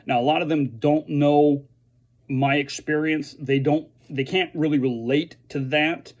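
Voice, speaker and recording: A man who is a veteran speaks earnestly and haltingly to fellow veterans, restarting his sentences often. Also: a little high, fairly even intonation, darkish tone, muffled recording. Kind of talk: earnest direct-to-camera message.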